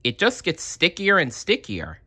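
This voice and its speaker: A man voicing a playful female toy zebra in a storybook reading, gleeful and high. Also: huge pitch swings, measured pace, sharp tone, breathy edge, full character voice. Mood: grumbling.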